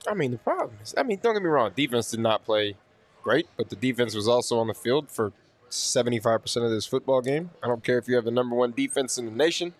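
A man's voice: medium pitch, expressive, fast talker. A man co-hosting a postgame sports talk show, speaking bluntly and casually, with some swearing.

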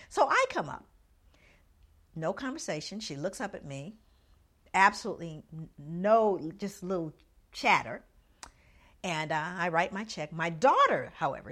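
A middle-aged woman telling a personal story, acting out the voices of the people in it. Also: on the low side. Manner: animated storyteller acting out others' lines. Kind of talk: storytelling talk.

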